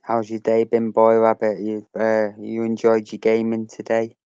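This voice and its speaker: A man's voice: fairly low pitch, monotone, moderate pace, dark tone, clean tone, no room sound, lo-fi sound. A man hosting a casual live stream, chatting with viewers and greeting them by name.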